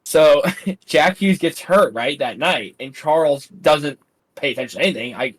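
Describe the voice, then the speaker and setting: A man co-hosting a casual podcast chat, telling animated stories about friends. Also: moderate pace, poor audio. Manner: animated storyteller, mimics friends in high voices. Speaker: podcast co-host.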